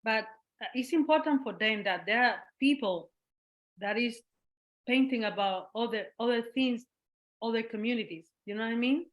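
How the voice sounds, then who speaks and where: A woman from Cuba, appearing as a guest artist, chats in a casual interview with a Cuban Spanish accent and a slightly high voice at a moderate pace. Animated and quick to laugh, she acts out the voices she quotes.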